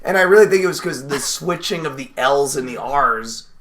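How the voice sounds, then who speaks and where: A man's voice: mid-range voice, lively intonation, moderate pace, a bit bright. A young man co-hosting a podcast, rambling in casual banter with lots of "like" fillers and frequent laughs. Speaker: podcast co-host.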